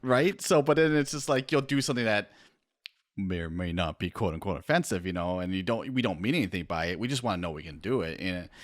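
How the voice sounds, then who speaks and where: Rambling low-voiced man, dry close mic. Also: lively intonation, fast, dry recording. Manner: rambling, drops quieter when earnest. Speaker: author. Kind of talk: casual podcast chat.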